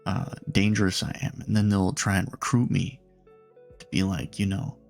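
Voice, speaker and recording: Gravelly jokey male streamer. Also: low-pitched, steady tone, normal speed, faint music behind. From Nebraska, USA. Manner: joking banter with chat. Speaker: live streamer. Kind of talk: casual live-stream chat.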